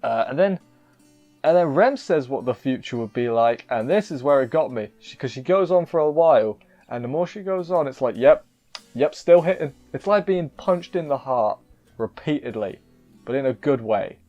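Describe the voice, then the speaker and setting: A man's voice: mid-range voice, animated, moderate pace, darkish tone, lo-fi sound, soft background music. A man reviewing an anime episode in casual chat, rambling and emotional, often cutting himself off mid-sentence. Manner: emotional, rambling, self-interrupting.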